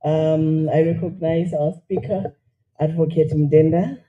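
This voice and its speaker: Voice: mid-range voice, fairly even intonation, unhurried, highs cut off. A speaker with a Zimbabwean accent opening formal remarks at an event, polite with light humor.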